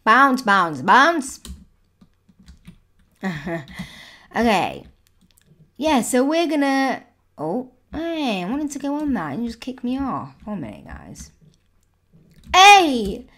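A woman's voice: fairly high pitch, huge pitch swings, measured pace, darkish tone. A woman commenting on her own gameplay, exclaiming and squealing at every surprise. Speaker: gaming YouTuber. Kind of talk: excited let's-play commentary.

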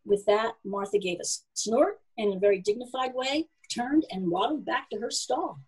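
Husky, expressive woman reading a story. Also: fairly high pitch, normal speed, low-quality recording. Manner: expressive, animated. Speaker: narrator.

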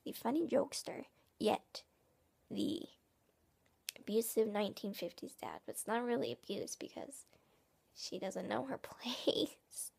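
A woman playing a smug, passive-aggressive 1950s family dad who rambles and restarts his sentences in a husky, half-whispered voice. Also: mid-range voice, animated, a little mellow, exaggerated voice. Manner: rambling, halting, with many restarts. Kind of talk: comic character monologue.

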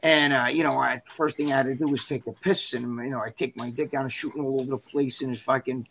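A man guest in an interview, telling a story in a rambling, animated, profane way. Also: medium pitch, quick pace, vocal fry, slight background noise. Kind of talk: casual storytelling.

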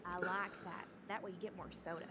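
A woman role-playing a bubbly, overeager fast-food cashier in a game, with a sweet service voice. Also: on the low side, steady tone, crowd noise, lightly acted.

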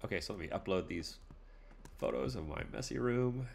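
A man with a very low voice walks through a casual screen tutorial. He rambles in a relaxed, playful way, dropping lots of fillers and side comments as he goes. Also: normal speed, creaky, slight background noise. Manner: loose and rambling, many fillers, playful asides. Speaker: tutorial host.

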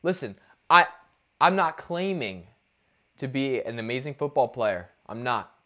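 A man's voice: mid-range voice, unhurried. A man co-hosting a sports podcast, ranting in casual talk with lots of restarts. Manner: animated ranting, many restarts and fillers. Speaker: podcast co-host.

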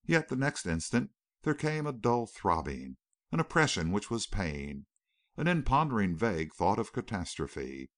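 Male audiobook narrator, lowish voice, very lively intonation, dry close recording. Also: moderate pace, dry recording. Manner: dramatic, expressive novel reading. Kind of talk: scripted narration.

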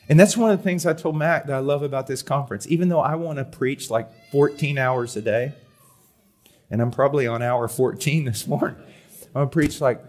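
A middle-aged man with a mid-range voice preaches a sermon in a conference hall. He shifts between loud, emphatic reading and soft, hushed pleading.

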